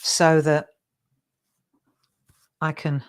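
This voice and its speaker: Middle-aged woman, craft show host, lower pitch, chatty and self-mocking. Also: level tone, very slow, clear, resonant tone. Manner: chatty, self-deprecating, encouraging. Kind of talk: live craft demonstration.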